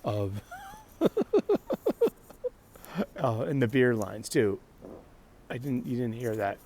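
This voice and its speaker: A man's voice: medium pitch, animated, slow, darkish tone. A man hosting a casual solo talk show, rambling with frequent restarts and laughter. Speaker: podcast host.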